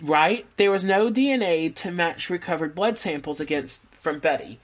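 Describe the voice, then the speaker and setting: A woman's voice: lowish voice, moderate pace. Laughing woman telling a true crime story. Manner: laughs often, relaxed storytelling with asides. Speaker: podcast co-host telling a true crime case. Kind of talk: casual true crime chat.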